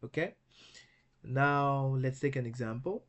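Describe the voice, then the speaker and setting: A man teaching a recorded language lesson who spells words out slowly and patiently, often checking in with "okay?". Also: mid-range voice. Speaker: Greek teacher.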